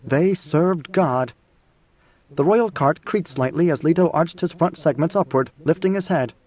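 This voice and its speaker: Man, audiobook narration, measured and even, high voice, dull lo-fi sound. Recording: dull lo-fi recording.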